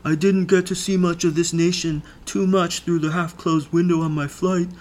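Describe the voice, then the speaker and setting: A polite, earnest young traveler, as a male narrator puts him on. He speaks slightly higher than the narrator's plain voice, with a somewhat different tone to it. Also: flat delivery, moderate pace, darkish tone, lightly acted. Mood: eager.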